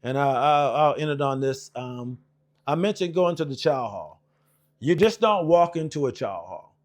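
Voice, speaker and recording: A man's voice: on the high side, expressive, moderate pace. A man in his forties, an Air Force veteran, telling service stories in a rambling, profane, casual way with lots of fillers. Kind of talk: casual storytelling.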